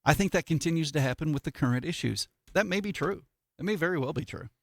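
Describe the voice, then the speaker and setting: A man co-hosting a morning radio show, chatting casually with deadpan asides and reading listener texts aloud. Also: fairly high pitch, fast, creaky, no room sound, studio quality. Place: radio studio. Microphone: studio microphone.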